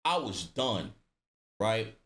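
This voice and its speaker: Animated man telling a story, roomy echo. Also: on the low side, takes it slowly. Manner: animated, slangy, profane; acts out dialogue with voice shifts. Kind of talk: casual storytime.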